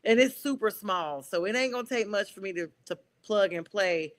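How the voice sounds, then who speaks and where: Woman, Southern accent, sports talk host, chatty, laughs a lot, mid-pitched voice. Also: normal speed. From North Carolina, US. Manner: chatty, laughs often, animated asides. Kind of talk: casual sports chat.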